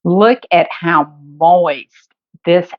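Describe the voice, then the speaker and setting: A woman's voice: lowish voice, very slow, dull audio. Chatty Southern woman hosting a cooking show. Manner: chatty, homey, addresses viewers as guys and honey. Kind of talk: casual cooking demonstration. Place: home kitchen.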